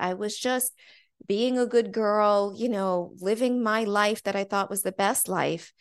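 Casting: woman, 40s, podcast guest, animated storyteller, dry close sound, mid pitch. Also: unhurried, clean tone, no room sound. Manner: animated, chatty with frequent "like". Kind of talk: conversational storytelling.

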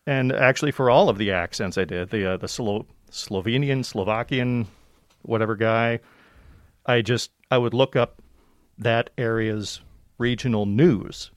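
A man's voice: mid-range voice, measured pace, no room sound. A man in casual conversation, walking through how he works in an easygoing, explanatory way. His voice sits in a middle range. The recording is dry and close. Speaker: audiobook narrator guest. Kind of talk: casual interview chat.

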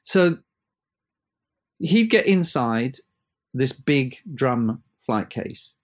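A record producer, a man, telling animated anecdotes in an interview and acting out the voices of the people in them. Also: medium pitch, very slow. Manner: animated anecdotes, acts out quoted voices, laughs. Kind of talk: storytelling interview chat. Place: abroad from the host, evening.

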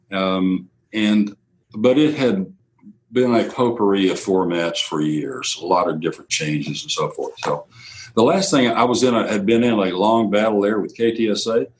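An older man, a radio executive telling anecdotes in an interview, quoting others in lively bursts. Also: lowish voice, normal speed, poor audio. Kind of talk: storytelling interview.

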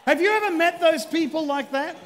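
A man's voice: very high-pitched, fairly quick, a bit bright, long reverb tail, a faint crowd. A man preaching a humorous sermon as pastor, chatty and self-deprecating as he jokes with the congregation from a church stage.

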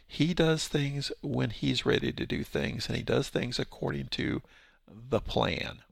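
A man's voice: mid-range voice, expressive, measured pace, creaky, dry recording. A man giving a casual verse-by-verse Bible teaching, explaining with rhetorical questions and his own paraphrases.

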